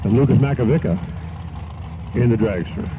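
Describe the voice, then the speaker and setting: A man's voice: medium pitch, moderate pace. Man, drag race announcer, joking asides, lo-fi sound, engine noise in background. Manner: joking, folksy asides between runs. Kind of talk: live race commentary. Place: outdoor dragstrip. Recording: dull live-stream audio with loud track noise.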